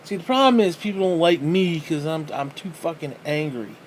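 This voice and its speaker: High-voiced guy cussing and ranting, bitter, bit of hiss behind. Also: lively intonation, normal speed. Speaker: podcast host. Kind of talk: angry profane rant.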